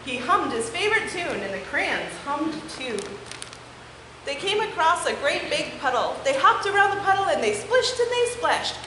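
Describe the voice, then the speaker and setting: A woman's voice: high-pitched, very animated, moderate pace. A young woman leading a children's message at a church service, encouraging the kids and reading a picture book aloud. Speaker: children's time leader. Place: church sanctuary. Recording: echoey sanctuary with background noise.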